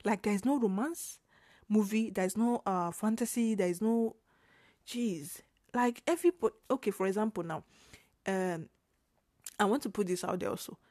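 A young woman with a strong Nigerian accent hosts her own podcast, talking in a loose, animated way and dropping into Pidgin now and then. Her voice sits at a middle pitch. The recording is dry and close, with no room sound. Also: normal speed, long pauses, no room sound. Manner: animated, laughing, frequent restarts and Pidgin asides. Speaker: podcast host. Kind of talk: casual solo podcast rant.

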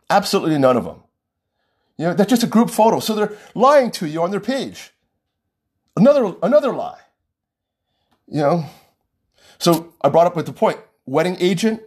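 A man's voice: a little high, darkish tone, slightly rough. A man who works as a wedding vendor, talking straight to brides in an outspoken, heated rant that repeats points for emphasis. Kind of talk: ranting direct-to-camera vlog.

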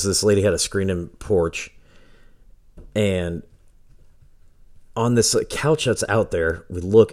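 A man's voice: low voice, a little mellow. A man hosting his own podcast from home, telling stories in a loose, profane way and laughing often. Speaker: podcast host. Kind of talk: casual solo podcast storytelling. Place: home with a dog nearby.

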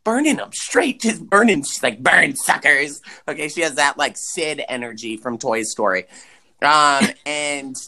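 A man co-hosting a podcast, chatting casually and swearing as he recaps a movie with big pitch swings for emphasis. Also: lively intonation, moderate pace, bright, forceful tone. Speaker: podcast co-host.

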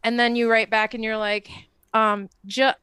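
Chatty woman co-host, bright-pitched, very clear, dry close sound. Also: flat delivery, moderate pace, dry recording. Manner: chatty, many "like" fillers, explains with examples. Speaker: podcast co-host. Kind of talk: casual chat.

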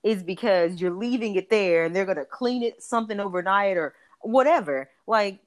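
A woman in casual chat, expressively retelling a conversation and lifting her voice when she quotes others. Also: normal speed. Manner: expressive retelling, rises in pitch quoting others.

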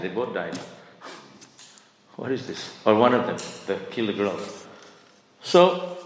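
A middle-aged man giving an informal scripture class, rambling and conversational, with many fillers and restarts. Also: fairly low pitch. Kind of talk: informal sermon, storytelling. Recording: echoey hall, long reverb, faint hiss.

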